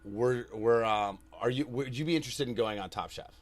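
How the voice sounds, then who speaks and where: Chef guy on a podcast, easygoing, cusses a lot, laughs a bunch, normal pitch. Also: fairly quick, a crowd in the background. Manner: laid-back, swears freely, laughs often. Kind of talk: casual chat.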